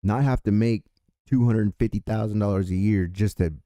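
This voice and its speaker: A man's voice: on the low side, moderate pace, mellow, no room sound, clean studio sound. A man from California hosting a political show, ranting angrily and swearing often. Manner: heated, profane, ranting. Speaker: political commentary host. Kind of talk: angry political rant.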